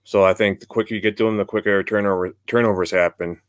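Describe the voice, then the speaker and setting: A man hosts a sports podcast in a relaxed, conversational way. His voice is low and smooth, and it sounds close and dry, with no room around it. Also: fast talker, no echo. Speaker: podcast host. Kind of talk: casual sports chat.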